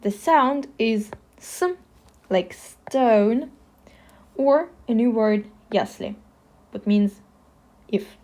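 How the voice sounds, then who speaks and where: A woman with a Russian accent teaching the alphabet in a slow, careful lesson, pausing often to spell out sounds. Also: fairly high pitch, darkish tone. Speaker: language teacher.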